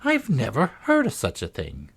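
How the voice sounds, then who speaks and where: A man's voice: mid-range voice, huge pitch swings, moderate pace, breathy edge, voice pushed up, exaggerated voice. A man voicing a curious, polite young girl in a storybook reading, raising his voice to sound earnest and inquisitive.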